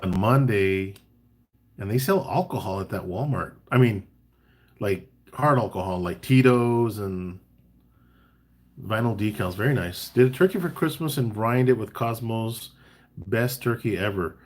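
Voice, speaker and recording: A man's voice: on the low side, a little slow. Laid-back man chatting on a barbecue stream. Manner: laid-back, chatty, reads out viewer comments, swaps between tips and banter. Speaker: barbecue caterer and live chat host. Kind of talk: casual live-stream chat.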